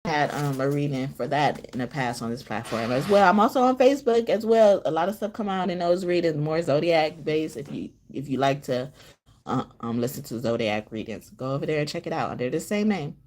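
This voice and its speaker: A tarot reader livestreams into her phone from a room in a shelter, her voice low-pitched, darkish, and a little fast. The reading is casual, and she rambles, swears, and laughs a lot.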